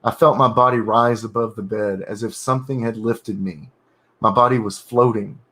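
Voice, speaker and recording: A man reading his own horror story draft aloud, pausing in halting bursts to correct his wording and comment on it. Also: lowish voice, fairly even intonation, a bit bright. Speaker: writer streaming his editing.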